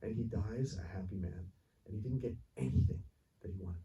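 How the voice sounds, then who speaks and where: A man's voice: lowish voice, a little fast, muffled recording. Earnest rambling man in a cinema. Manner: rambling, earnest, laughs often, many restarts. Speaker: filmmaker answering audience questions. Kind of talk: casual Q&A answer, storytelling. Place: cinema theater with audience. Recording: distant voice, faint noise, live audience room.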